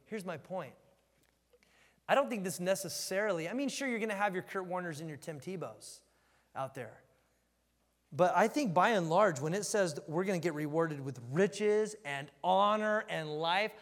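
A man in his thirties giving a casual, joking verse-by-verse Bible teaching in a church hall. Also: sits high. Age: 30s. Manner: conversational, joking, animated storytelling. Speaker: preacher. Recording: long hall reverb.

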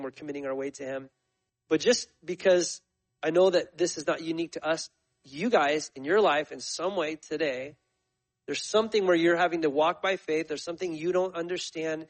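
A man's voice: a little high, low-quality recording. Man in his forties giving a church testimony. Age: 40s. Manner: conversational storytelling, many fillers and restarts. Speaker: missionary addressing his church. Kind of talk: sermon testimony.

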